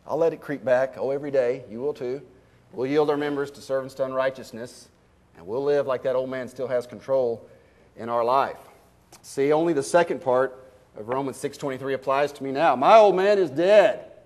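A man preaching a sermon as a pastor, with folksy stories, rhetorical questions, sudden loud bursts and slow emphatic drops. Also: mid-range voice.

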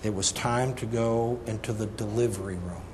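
Middle-aged preacher guy telling a funny story, loud then soft, long echo in the church, faint room hum. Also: on the low side, normal speed. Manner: folksy, animated storyteller shifting between loud punchlines and soft asides. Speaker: pastor. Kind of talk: sermon with humorous storytelling. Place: church sanctuary. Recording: reverberant church hall, faint ambience.

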